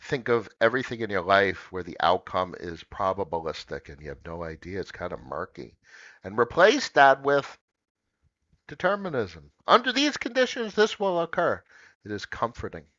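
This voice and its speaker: A man talks through a casual livestream, building emphasis by repeating phrases and greeting chat viewers. His pitch swings widely as he gets worked up. The sound is dry and a little dull, as if from a basic home mic. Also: very animated, moderate pace, fairly bright tone, dry recording. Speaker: livestream host.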